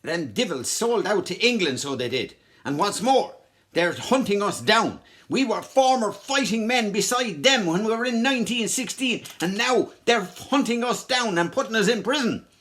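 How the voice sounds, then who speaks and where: A man's voice: expressive, moderate pace, a bit bright. A man with an Irish accent playing a bitter, angry male anti-treaty rebel, ranting indignantly in a costumed comic history act for children. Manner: ranting, indignant, then low and scheming.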